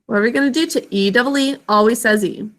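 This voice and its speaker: A woman teacher leading a phonics and spelling lesson, stretching words out slowly and prompting the class to repeat after her. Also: fairly high pitch. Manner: slow, drawn-out enunciation of words and sounds; call-and-response prompting.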